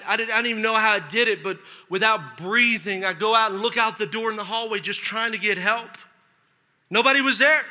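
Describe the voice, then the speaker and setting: A male pastor preaching a sermon, telling a story with lively acted-out dialogue. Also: high-pitched. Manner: animated storytelling, acts out dialogue. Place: church sanctuary. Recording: long hall reverb.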